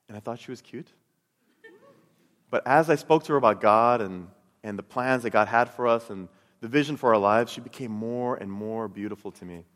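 A middle-aged man telling his personal faith testimony and teaching, earnest and storytelling, often repeating words as he goes. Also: medium pitch. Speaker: Christian speaker. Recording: long hall reverb.

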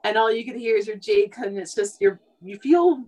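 A woman's voice: a little high, animated, moderate pace, a little mellow, low-quality recording. A woman in her thirties from Canada, a truck driver chatting casually on a podcast, rambling with lots of asides. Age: 30s. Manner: talkative, rambling, many "like" and "you know" asides.

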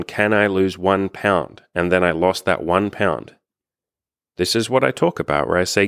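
Male coach, low register, casual motivational monologue, blunt with some profanity, dry close mic. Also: no room sound. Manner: blunt, encouraging, swears freely. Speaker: dating and life coach. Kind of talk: casual self-help monologue.

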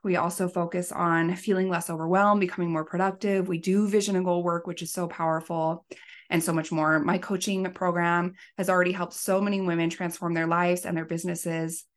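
A woman's voice: lowish voice, flat delivery, fairly quick. A woman in her thirties, a life coach and podcast host, telling a personal story in an earnest, emotional way. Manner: emotional, earnest, tearful at times. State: pregnant.

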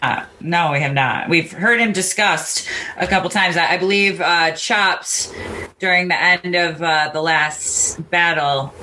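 A podcast co-host in casual chat, quick and chatty, finishing the other host's thoughts. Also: medium pitch, bright, forceful tone, a little hiss or hum, low-quality recording.

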